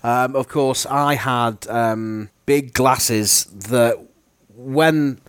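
A man's voice: mid-range voice, drawn-out words, a bit bright, clear, resonant tone, no room sound, clean studio sound. Rambling self-mocking man. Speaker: podcast co-host. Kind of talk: casual chat.

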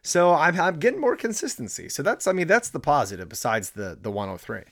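A man's voice: fairly high pitch, very animated, a little fast, no echo, studio quality. A man co-hosting a sports podcast, rambling and self-deprecating in casual chat, with many restarts. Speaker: podcast co-host.

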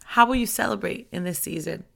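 Female preacher, gravelly edge and bright tone, fervent and chatty, builds to shouting. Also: lowish voice, fairly quick. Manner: fervent, conversational, rising to shouts. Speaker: ministry preacher. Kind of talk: impassioned devotional talk. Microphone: handheld microphone.

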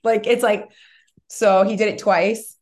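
A woman in her thirties, co-hosting a podcast in a casual chat, telling an animated, rambling story full of fillers. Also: mid-range voice, unhurried. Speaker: podcast co-host.

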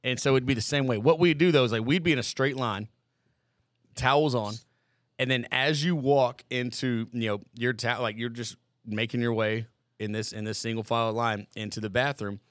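A man's voice: mid-range voice, steady tone, moderate pace, fairly bright tone, no echo, studio quality. Laid-back profane man telling war stories. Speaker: podcast guest, former Marine recruit. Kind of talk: casual storytelling.

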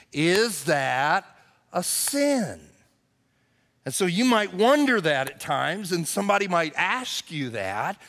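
A man's voice: high voice, fairly bright tone, in a large hall. A man preaching a conversational, emphatic sermon as pastor, acting out quotes in character voices.

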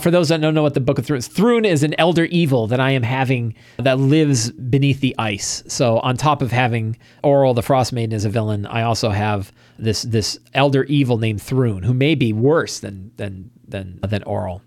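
Animated man recapping a game session. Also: medium pitch, moderate pace, few pauses, no echo. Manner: animated storytelling, acting out players' lines, frequent restarts. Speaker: host giving game-master prep advice. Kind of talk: casual spoken prep talk.

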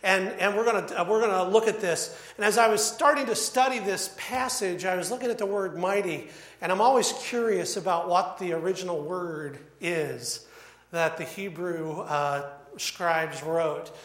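Pastor, male, high-pitched, chatty preaching style, roomy church sound. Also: normal speed, a bit bright. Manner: conversational, storytelling with frequent fillers. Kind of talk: sermon.

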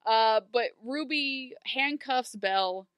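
A woman's voice: a little high, slow, fairly bright tone, clear, resonant tone, dry recording. A woman co-hosting a podcast, recapping a TV episode in casual chat and acting out characters in exaggerated voices.

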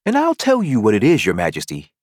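A man's voice: on the low side, huge pitch swings, moderate pace, breathy edge, no echo, clean studio sound, full character voice. A man voicing a prim young girl who likes to scold herself, in a storybook reading. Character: prim young girl playing at being a queen. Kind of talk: audiobook character voice.

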